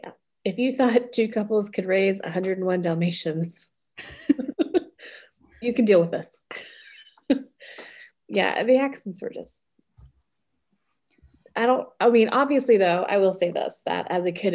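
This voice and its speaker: A woman's voice: mid-range voice, unhurried, pauses often, darkish tone. A woman co-hosting a podcast in casual chat, talking in a chatty way, laughing often and acting out her own reactions. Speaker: podcast co-host.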